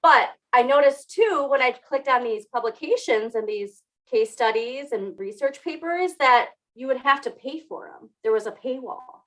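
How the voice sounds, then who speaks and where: Bright-voiced chatty woman podcast host. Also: high-pitched, expressive, normal speed, hardly any pauses, low-quality recording. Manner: chatty, laughs often, self-teasing. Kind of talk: casual chat.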